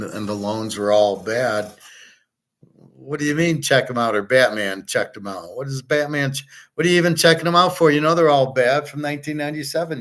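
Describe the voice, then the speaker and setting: A man with a somewhat low voice delivers an unscripted rant. He is blunt and scornful, swears freely, and rambles with frequent restarts and fillers. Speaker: host. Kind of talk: unscripted rant on gold and economics.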